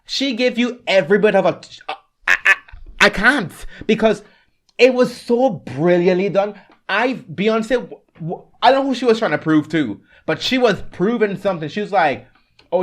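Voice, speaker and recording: A young man co-hosting a podcast, gushing with dramatic excitement in casual chat. His voice rides up and down in a lively, wide-ranging sing-song. He talks like a devoted fan who can't contain himself. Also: high voice. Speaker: podcast co-host.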